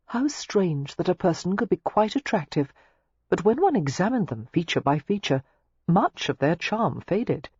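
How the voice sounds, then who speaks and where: A woman narrating a romance novel audiobook with expressive storytelling. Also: deep voice, slightly rough, no echo. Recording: slightly muffled, dry lo-fi recording.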